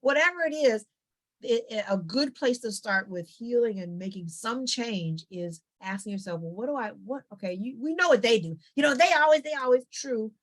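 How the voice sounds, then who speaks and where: A woman psychologist talking as an interview guest, giving lively conversational advice and acting out little family dialogues. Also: fairly high pitch, normal speed. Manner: animated, acts out family dialogues with quoted voices.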